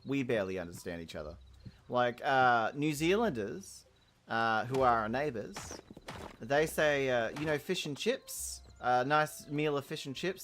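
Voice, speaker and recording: A man's voice: medium pitch, lively intonation, measured pace, a bit bright, a little hiss or hum. Chatty Australian man streaming a game. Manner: chatty, rambling, giggly, answers chat while playing. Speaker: gaming streamer. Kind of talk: casual live-stream chat.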